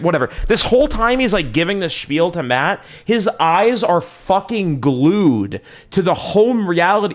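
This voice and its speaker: A young male streamer tells his chat a long story in loose, slangy talk, swearing and circling back on himself. His pitch swings widely from line to line, climbing high when something strikes him as crazy. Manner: rambling, profane, slangy, restarts a lot. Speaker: livestreamer.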